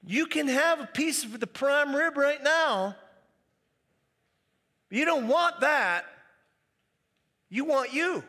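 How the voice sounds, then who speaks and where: A man preaching a sermon as pastor, animated and acting out the quoted voices. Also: extremely high pitch, slow pace, pauses often, long reverb tail.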